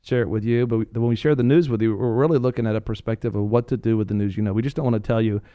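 A man co-hosting a Christian talk show, rambling and joking, with many fillers and restarts and animated storytelling. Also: on the low side, very fast, no room sound, studio quality. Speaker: co-host.

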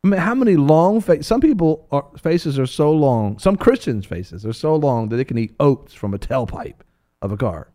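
Animated man preaching with lively pitch. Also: moderate pace. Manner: animated, playful, acts out biblical voices. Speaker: Bible teacher. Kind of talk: preaching talk on a broadcast.

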